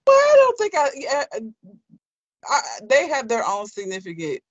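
A person from Alabama chatting casually in a relaxed, measured way. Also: high-pitched, dry recording, lo-fi sound. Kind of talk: casual chat.

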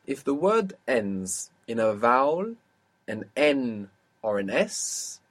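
A man teaching an audio language lesson, explaining patiently and quizzing his student. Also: mid-range voice.

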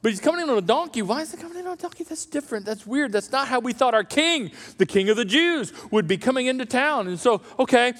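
Pastor guy preaching, high voice, animated, acts out crowd voices, big echoey church hall. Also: fast talker, few pauses. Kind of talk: sermon. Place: church auditorium.

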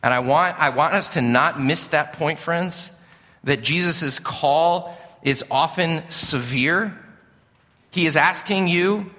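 A man's voice: on the high side, sharp tone, big-room sound. A male pastor preaching a sermon in an earnest, pleading, emphatic way, with rhetorical questions.

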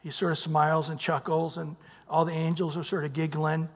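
A male pastor preaching a sermon, emphatic, swinging from loud bursts to hushed near-whispers and prompting the congregation with "what?". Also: fairly high pitch, level tone, brisk, big-room sound. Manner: emphatic, calls out "what?" for the congregation to fill in verses. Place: church sanctuary.

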